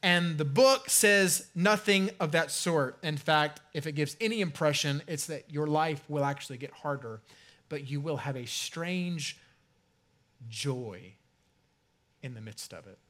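Speaking with a fairly high pitch, a pastor preaches conversationally. He drags out key phrases for weight and tapers off gently at the close of each thought.

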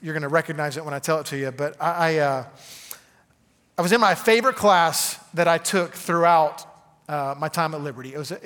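A pastor from Arkansas preaches a conversational sermon in a fairly high, slightly bright voice with a long reverb tail. He fills it with "okay?" asides to the congregation.

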